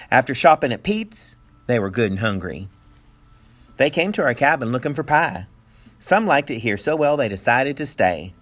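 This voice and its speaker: Animated man reading a storybook aloud. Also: on the high side. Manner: animated storytelling with playful asides. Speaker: teacher. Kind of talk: reading a picture book aloud.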